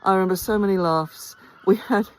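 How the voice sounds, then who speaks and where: A woman's voice: medium pitch, brisk. A tired woman chatting enthusiastically in a casual behind-the-scenes vlog, full of ums and restarts. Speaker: theatre company director. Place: outdoors by a house.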